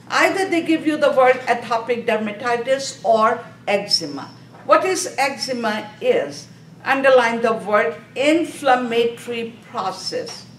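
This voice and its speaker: A woman's voice: fairly high pitch, a little hiss or hum. A woman teaching a nursing exam review class, quizzing students with repeated questions, in a slightly non-native English. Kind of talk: classroom lecture. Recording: echoey room, mic far off.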